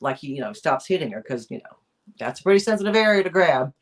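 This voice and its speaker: A woman's voice: sits low, very animated, quick pace. A woman co-hosting a weekly chat, telling a true crime story in a casual, rambling way, with lots of fillers and restarts. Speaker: co-host of a weekly chat show.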